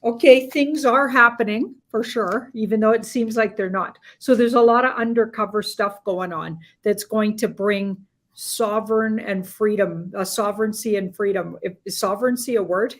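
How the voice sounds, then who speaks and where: A woman's voice: medium pitch, normal speed, hardly any pauses. Rambling female tarot reader. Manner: rambling, hedging with "like". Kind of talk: casual tarot reading chat.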